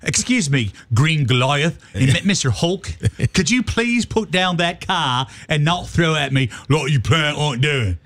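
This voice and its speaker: A man putting on the voice of an overly polite, timid male superhero, speaking in a mock formal, slow and careful way. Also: on the high side, lively intonation, fairly bright tone. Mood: meek, formal.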